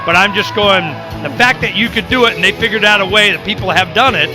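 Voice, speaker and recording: With music and a crowd behind him, a middle-aged political talk show host talks fast in a high voice. Emphatic, he impersonates those he quotes and repeats words once he's worked up.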